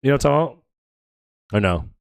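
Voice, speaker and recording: An American man streaming a video game, casually bantering and joking with viewers, swinging between loud excitement and low mumbling. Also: racing, vocal fry, dry recording. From United States. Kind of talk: casual gaming chat with viewers.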